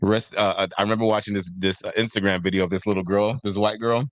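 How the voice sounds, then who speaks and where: A man's voice: fairly low pitch, fast talker, no echo. A man from Africa telling stories in casual chat, acting out voices as he goes. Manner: animated storyteller, acts out voices. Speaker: podcast host.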